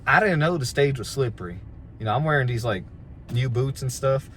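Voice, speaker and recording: A man's voice: medium pitch, expressive, brisk, fairly bright tone. A man with an ordinary mid-range voice spins a casual, rambling yarn about his wrestling days, self-deprecating and easygoing. He restarts sentences as he goes, and a faint noise sits behind him. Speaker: pro wrestler telling a story. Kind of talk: casual storytelling.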